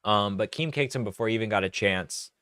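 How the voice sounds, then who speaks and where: A man's voice: fairly low pitch, fast, a bit bright, clear, resonant tone, no echo, clean studio sound. A young man giving casual reaction commentary as a streamer, rambling and correcting himself as he goes. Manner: rambling, self-correcting, laughs between points.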